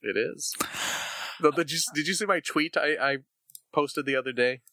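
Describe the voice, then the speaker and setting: A man in his thirties co-hosting a casual podcast chat, animated and jokey, laughing often. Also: a little high, moderate pace, dry recording. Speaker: podcast co-host.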